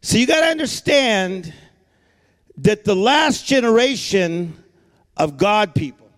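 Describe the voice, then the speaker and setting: A man preaching a lively sermon, repeating words, joking with the crowd and shouting for emphasis. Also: high voice, slow pace, big-room sound. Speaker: pastor.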